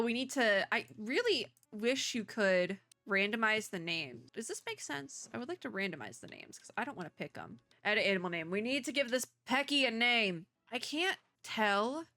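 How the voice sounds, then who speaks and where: A woman's voice: on the high side, bright, forceful tone, dry recording. A young woman chatting casually and giggling as she plays a game and comments aloud. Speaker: gaming content creator. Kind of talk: casual let's-play commentary.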